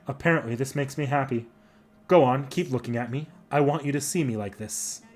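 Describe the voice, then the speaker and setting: A man voicing a quiet, menacing woman warrior from a game, subdued and coldly threatening. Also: brisk, close to an everyday voice. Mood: cold, wistful. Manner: subdued, cold, low-key threatening. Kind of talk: voicing game dialogue aloud.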